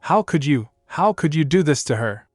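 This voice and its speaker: A frantic young noblewoman in a storybook drama begs and cries out, as a male narrator puts her on. His voice lifts high above its usual middle pitch. Faint music sits in the background. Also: lively intonation, normal speed, no echo. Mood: pleading. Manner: pleading, screaming. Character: desperate young noblewoman shielding her sister.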